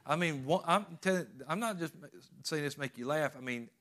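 A man's voice: a little high, expressive, fairly quick, a bit bright. Pastor, middle-aged man, folksy sermon storytelling with surging emphasis.

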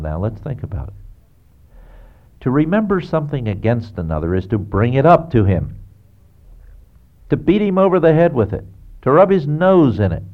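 An earnest male preacher speaks straight to his listener, leaning on rhetorical questions. His pitch rises and falls in a lively way. The recording sounds dull and lo-fi. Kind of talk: sermon-style biblical counsel.

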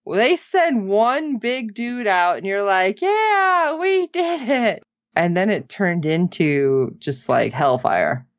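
A woman co-hosting a casual TV recap, animated, acting out characters' lines in funny voices. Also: fairly low pitch, takes it slowly, few pauses, no echo, dull audio. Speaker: podcast co-host.

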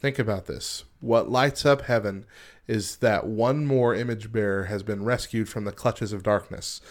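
This morning radio co-host has a fairly low voice and talks at normal speed. He reads articles and news on air, then loosely chats around them with frequent laughter.

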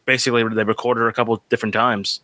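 A man's voice: mid-range voice, flat delivery, racing, sharp tone, no room sound. A middle-aged man co-hosting a casual movie commentary, wry and fond of sharing trivia. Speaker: co-host.

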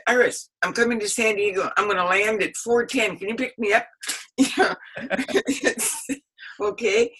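Older woman historian, bright husky voice, rambling anecdotal interview answers. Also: on the low side, poor audio. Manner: rambling and anecdotal, laughs often. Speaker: historian and author being interviewed. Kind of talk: casual spoken recollection.

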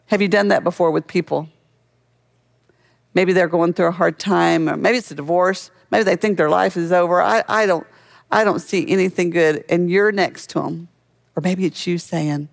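A man's voice: high-pitched, steady tone, moderate pace, creaky. A man preaching a sermon as a pastor, in a conversational way that keeps asking the listeners questions.

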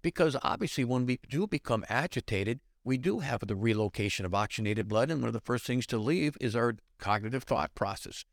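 Animated older man acting out quotes. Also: mid-range voice, fairly quick, vocal fry, few pauses, dry recording, studio quality. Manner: acts out quoted dialogue in shifting voices. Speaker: guest, retired police lieutenant and trainer. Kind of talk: animated podcast interview.

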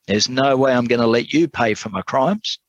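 A man voicing a proud, bitter male prisoner who talks stiffly and protests loudly in a told sermon story. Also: medium pitch, normal speed, no echo, highs cut off, pitched above the performer's own voice, close to an everyday voice. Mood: desperate, protesting. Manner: stiff, protesting, rising to cries.

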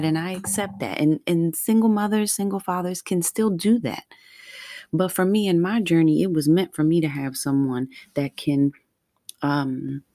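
A woman in her forties speaks in a low, mellow voice, earnest and heartfelt. She talks slowly and deliberately, reflecting on her own life. The sound is close and dry, with no room around it. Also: no room sound. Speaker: vlogger. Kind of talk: personal reflective monologue.

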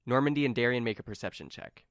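A man's voice: medium pitch, quick pace. A man running a tabletop game, narrating scenes and rolling dice with lots of fillers and frequent laughter. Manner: lively, giggly, filler-heavy. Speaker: game master.

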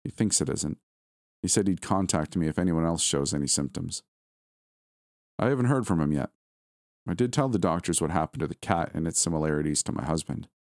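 A man reading a first-person horror story aloud in a steady, somber storytelling manner. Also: low voice, fairly quick, no echo, clean studio sound. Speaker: narrator. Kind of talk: scripted horror story narration.

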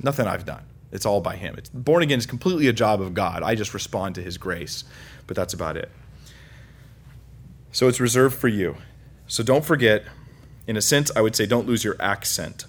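A male pastor from California preaching a sermon, emphatic, swinging between loud, high stresses and quiet low lines, with light self-mocking humor. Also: lively intonation, brisk.

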